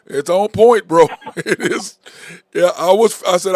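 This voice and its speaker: In studio-quality sound without echo, a high-pitched man speaks a little slowly as he hosts a sports talk show. Casual, blunt, and animated, he keeps saying "okay?" and "bro."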